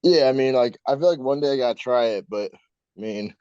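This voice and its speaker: A man co-hosting a casual podcast, easygoing and rambling, with a halting way of talking. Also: medium pitch, mellow, clean tone, no echo, muffled recording. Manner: rambling, laid-back, halting. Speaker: podcast co-host.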